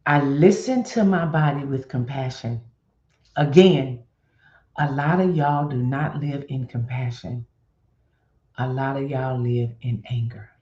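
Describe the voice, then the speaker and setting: A woman hosting a faith-based wellness stream, talking straight to her viewers and coaching them through an exercise in a lively, animated way. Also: very deep voice, roomy sound, lo-fi sound. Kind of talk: live-stream coaching talk.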